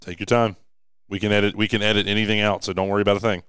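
A man with a lowish, smooth voice hosts a podcast interview and reassures his guest in a relaxed way. His voice sounds close and dry. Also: racing, dry recording. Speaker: podcast host. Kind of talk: casual interview chat.

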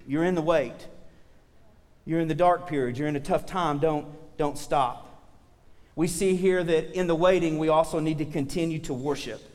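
High-voiced pastor preaching in a reverberant hall. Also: male voice. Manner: conversational preaching, asks congregation for amens. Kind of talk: sermon.

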